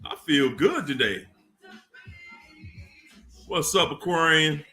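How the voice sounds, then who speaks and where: A man hosts a casual livestream, greeting viewers one by one in an unhurried, drawn-out way. His voice is bright and sits a little high. Faint music plays underneath. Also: animated. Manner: slow, drawn-out shout-outs with laughs. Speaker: livestream host.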